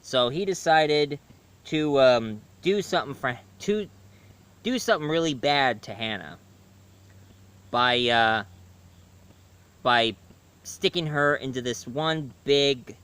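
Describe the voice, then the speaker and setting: A man giving a casual video review, talking haltingly with frequent restarts and self-corrections. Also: mid-range voice, lively intonation, fairly bright tone, clean tone.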